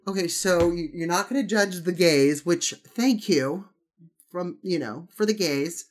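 A man's voice: a little high, lively intonation, a little slow. Campy man reading blogs for laughs. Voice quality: campy, playful asides. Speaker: podcast host. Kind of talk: comedic audio blog reading.

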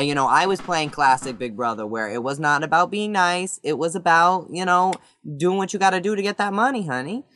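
A man answering interview questions casually, sassy and animated, laughing easily. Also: medium pitch. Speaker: reality show contestant.

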